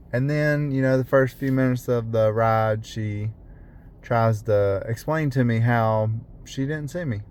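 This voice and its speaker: Slow-talking man venting in his parked car. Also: medium pitch, a little hiss or hum. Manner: rambling, with many fillers and restarts. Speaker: rideshare driver. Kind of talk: casual vlog monologue.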